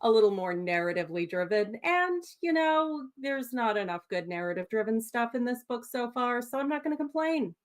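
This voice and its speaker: A woman's voice: on the high side, expressive, brisk, hardly any pauses. A woman on a discussion panel, musing thoughtfully in casual chat with frequent restarts.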